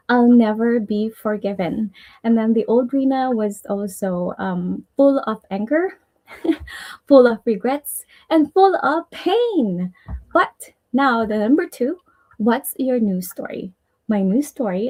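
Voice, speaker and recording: A woman's voice: fairly high pitch, animated, a little slow, warm tone, low-quality recording. A woman with a Filipino accent hosting a casual live stream, chatty and earnest as she shares personal affirmations, rambling a little with restarts and small laughs. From Philippines.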